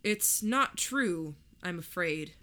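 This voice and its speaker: A woman voicing a calm male reverend who speaks gravely, slowly and with pauses. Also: lowish voice.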